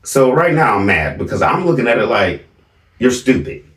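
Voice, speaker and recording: A man's voice: mid-range voice, sing-song, moderate pace, a bit bright, recorded from a distance. A middle-aged man casually telling a family story to his viewers, emphatic and often asking "right?". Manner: emphatic, keeps checking in with "right?". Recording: roomy, from off the mic.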